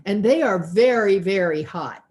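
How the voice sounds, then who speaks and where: A woman's voice: mid-range voice, expressive, unhurried, a little mellow. A woman teaching a cooking class over a video call, chatty and folksy, thinking aloud as she works. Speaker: cooking instructor.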